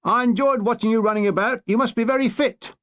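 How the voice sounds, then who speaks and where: A man's voice: very high-pitched, fast, a bit bright, voice pushed up. A man doing a cheeky, smug army driver. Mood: teasing. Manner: mocking, cheerfully cheeky. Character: smug young male army driver, teasing.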